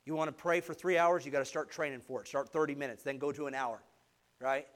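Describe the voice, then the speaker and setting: A man preaching a sermon, energetic and exhorting, asking the congregation for an amen. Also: a little high, fast. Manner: energetic, exhorting, call-and-response asides.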